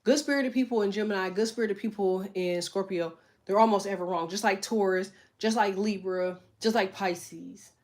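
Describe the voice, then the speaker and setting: A middle-aged tarot reader hosts a livestream, addressing her viewers casually and bluntly, with emphatic profanity. Her mid-range voice is a little mellow and moves at a normal speed.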